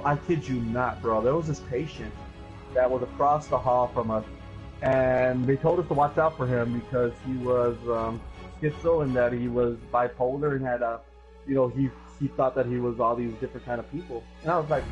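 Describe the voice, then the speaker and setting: A young man hosting a casual podcast talk, telling animated stories and saying bro a lot. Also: medium pitch, normal speed. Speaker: streamer and podcast host. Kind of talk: casual chat, storytelling. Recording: dull lo-fi stream audio. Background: faint music.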